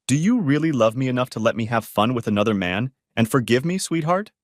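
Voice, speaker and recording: A man's voice: lively intonation, fairly quick, no echo, studio quality, lightly acted. A man putting on a tearful, pleading wife. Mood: hesitant. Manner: emotional, shrill outbursts.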